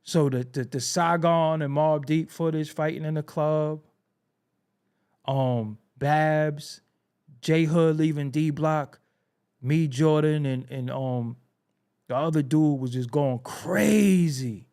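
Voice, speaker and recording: A man's voice: on the high side, slow pace, smooth. A man with a New York accent hosting a podcast, telling a story in a casual monologue and acting out the dialogue with plenty of swearing. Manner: animated, acts out quoted dialogue, swears freely. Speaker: podcast host.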